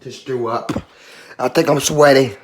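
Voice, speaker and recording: A man's voice: fairly even intonation, a little slow, a little mellow, slight background noise. A man in a casual vlog, groaning, swearing and whooping as spicy food burns his mouth, out of breath. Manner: swearing, breaks into high whoops. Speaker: vlogger.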